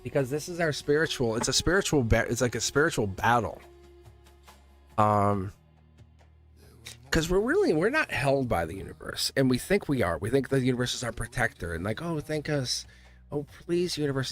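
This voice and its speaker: Rambling man reading tarot live. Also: medium pitch. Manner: rambling, restarts sentences, laughs often. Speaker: live tarot reader and channel host.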